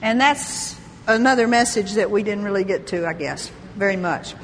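An older woman preaching a sermon, lively, laughing often and exclaiming praise. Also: mid-range voice, normal speed, hardly any pauses, in a large hall, a little hiss or hum.

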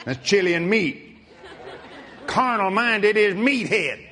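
Male preacher, high bright voice, slow folksy delivery that bursts into shouts, long church-hall echo. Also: a faint crowd. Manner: folksy, animated, shouting and laughing. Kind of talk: sermon.

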